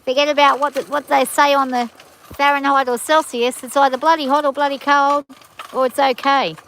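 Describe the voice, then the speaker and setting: A woman's voice: sits high, level tone, a little fast, a bit bright, a little hiss or hum. A woman with a rural Australian bush accent, chatting plainly and bluntly as she explains gold prospecting beside a creek outdoors. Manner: plain-spoken, blunt and folksy. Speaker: prospecting livestream co-host. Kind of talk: casual explanatory chat.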